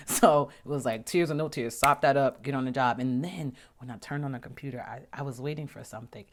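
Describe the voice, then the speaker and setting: A woman hosting a casual, heartfelt vlog. She talks emphatically, restarts and repeats words, and often drops into a hushed whisper. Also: a bass voice, brisk, hardly any pauses. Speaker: vlog host.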